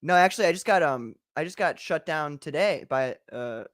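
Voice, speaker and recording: A man's voice: fairly high pitch, lively intonation, normal speed, a bit bright, no room sound, clean studio sound. A man hosting a casual livestream chat, loose and joking as he reads out viewer comments. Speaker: show host.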